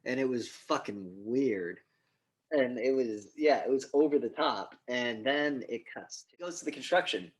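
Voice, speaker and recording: Casual podcast co-host, man, mid-pitched, acts out movie scenes with loose profanity. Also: a little slow. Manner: animated retelling, acts out scenes with quoted lines and swearing. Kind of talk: casual movie review chat.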